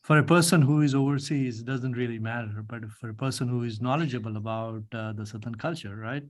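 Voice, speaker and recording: A man with a mid-range voice taking part in a casual discussion over a video call. He explains things slowly and haltingly, stopping often to fill gaps with "uh" and "you know.". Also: mid-range voice. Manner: halting, many fillers, explanatory. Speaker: media group member.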